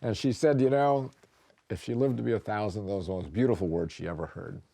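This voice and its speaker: A man in an interview telling a family anecdote in an animated way. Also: lowish voice, fast talker, creaky. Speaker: interviewee retelling his mother's story. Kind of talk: interview storytelling.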